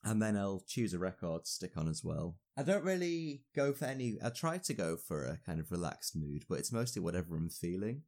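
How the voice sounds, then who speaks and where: A man's voice: low-pitched, very animated, a little fast, few pauses, a little mellow. A young man, a university student, chatting casually and rambling a little with fillers. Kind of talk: casual podcast chat.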